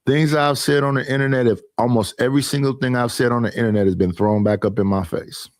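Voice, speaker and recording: A man's voice: mid-range voice, steady tone, fast talker, dry recording. A man hosting his own stream, arguing his points emphatically and repeating them in a casual monologue. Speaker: streamer and panel host.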